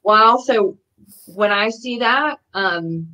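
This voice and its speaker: A woman hosting a video-call chat, chatty and quick to laugh. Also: mid-range voice, lively intonation. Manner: warm, laughs often, chatty. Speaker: host. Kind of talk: casual chat. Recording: slightly dull audio.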